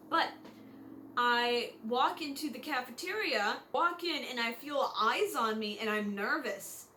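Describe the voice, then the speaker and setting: Young female vlogger, high and bright, chatty storyteller who acts out quotes. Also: a little slow, a little hiss or hum. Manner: chatty, filler-heavy, acts out quotes in lively voices. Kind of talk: casual storytime monologue.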